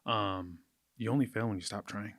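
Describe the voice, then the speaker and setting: A man's voice: lowish voice, moderate pace, a bit bright, no echo, studio quality. A young man co-hosting a podcast, talking through ideas in a reflective way and often checking in with "right?". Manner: reflective, uses filler like "right?" and "um". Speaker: podcast co-host, coach. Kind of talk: casual podcast chat.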